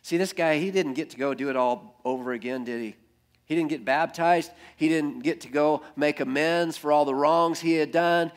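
A male pastor preaching an earnest sermon that builds through repeated phrases and often drops to a hush. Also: on the high side, normal speed.

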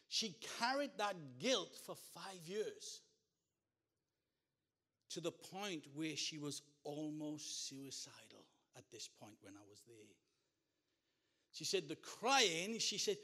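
A man preaching a sermon, telling a funny story with big swings between hushed and loud delivery. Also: fairly high pitch, lively intonation, slow pace.

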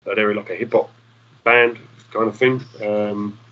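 A man's voice: lowish voice, steady tone, normal speed, dull audio. A man, a musician guest rambling through stories, swearing casually and acting out the people in them. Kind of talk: casual storytelling.

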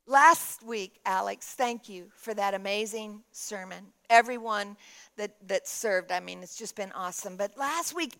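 A woman pastor preaching a sermon, shifting between emphatic declarations and quiet storytelling. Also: a little high.

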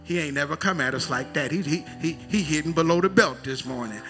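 A middle-aged man preaching a sermon as a bishop, in call-and-response style, drawling key phrases slowly and building to loud emphatic cries. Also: fairly high pitch, soft background music. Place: church sanctuary.

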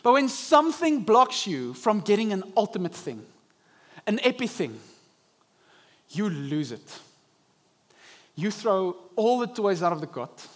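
Young male pastor, high-pitched, animated sermon delivery. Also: a little slow, long pauses. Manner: animated preaching, acting out inner voices. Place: church service.

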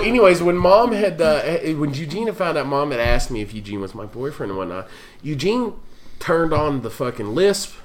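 A man's voice: on the high side, big pitch swings, moderate pace, background noise. A man telling a crude, profane story to friends, often laughing as he talks. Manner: profane, laughing through his own story. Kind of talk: casual storytelling among friends.

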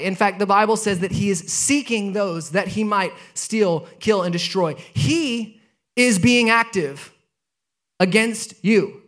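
A pastor in his thirties with a notably high voice for a man preaches to his congregation. He moves between relaxed storytelling and emphatic, repeated points. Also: a little slow. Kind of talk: sermon with personal story.

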